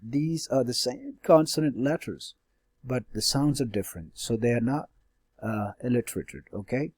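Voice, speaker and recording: Guy teaching a class, keeps saying all right? okay?, um-ing a lot, middle pitch, dry sound. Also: animated, normal speed, darkish tone, no echo. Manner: explanatory, frequent tag questions like "all right?" and "okay?"; hesitant fillers and self-corrections. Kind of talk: classroom lecture on stylistic devices.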